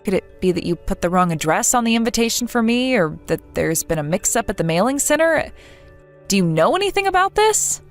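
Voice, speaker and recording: A woman's voice: medium pitch, very animated, a little fast, soft background music. A synthetic woman's voice speaking as a hurt young woman in a text-message story, asking earnest, pleading questions.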